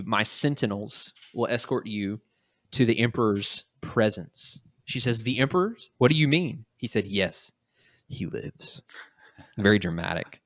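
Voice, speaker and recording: This podcast host has a lowish voice, recorded dry with studio quality. Retelling a funny story in a casual way, he animatedly performs each character's quotes in quick little voices.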